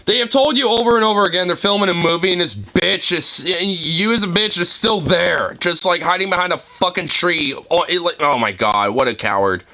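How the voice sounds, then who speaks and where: A man's voice: high-pitched, brisk, hardly any pauses, sharp tone. A man streaming, reacting to clips with profane, mocking commentary and frequent laughter. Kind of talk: casual commentary.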